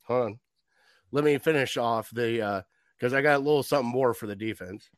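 A man ranting in a worked-up, animated way in a casual sports chat. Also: medium pitch, a little fast, dry recording, studio quality.

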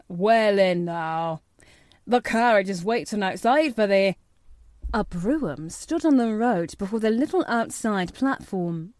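A woman giving steady, measured scripted narration of a children's classic for an audiobook. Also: mid-range voice, dry recording, studio quality.

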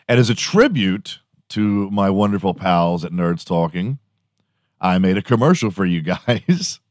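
A man's voice: low-pitched, lively intonation, a little slow, no room sound, studio quality. A man hosting a podcast, telling a rambling comic story with frequent profanity and laughter. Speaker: podcast host. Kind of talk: rambling comedic monologue.

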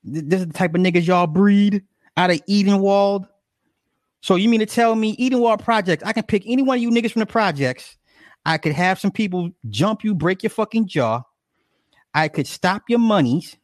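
A man's voice: high-pitched, normal speed, dry recording, clean studio sound. A man giving profane, mocking reaction commentary, stretching words out for emphasis.

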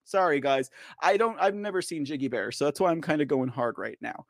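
His voice runs on the high side, brisk and creaky, studio quality with no echo. Hosting a political news livestream, he addresses the chat directly, teasing and joking with viewers and laughing frequently, all in a lively, casual commentary style.

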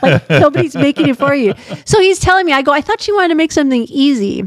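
Animated chatty woman podcast co-host. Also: high-pitched, quick pace, no room sound. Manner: animated storyteller, laughs often. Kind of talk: casual chat.

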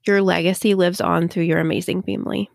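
A woman's voice: fairly low pitch, little pitch movement, brisk, gravelly, no echo, studio quality. A young woman co-hosting a casual true-crime podcast, chatty and earnest, with lots of "like". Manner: chatty, earnest, says "like" often. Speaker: podcast co-host.

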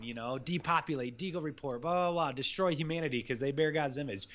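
A man's voice: mid-range voice, fairly bright tone. A man speaking as a guest, giving fervent, preachy religious commentary that is packed with scripture. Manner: fervent, preachy, rapid scripture-laden rants.

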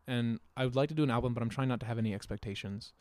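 A young man talks through his plans in an easy, rambling way, chuckling now and then. His voice sits at an ordinary middle pitch. The room sound is dry and close. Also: racing, no room sound. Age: young adult. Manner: relaxed, rambling, laughs often. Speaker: musician guest. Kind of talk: casual conversation.

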